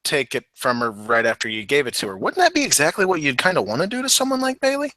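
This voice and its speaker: A man's voice: fairly high pitch, wildly swooping pitch, quick pace, pushed and bright, dry recording. A man co-hosting a wrestling podcast in casual chat, joking and swearing, sometimes mimicking people in silly voices. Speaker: podcast co-host.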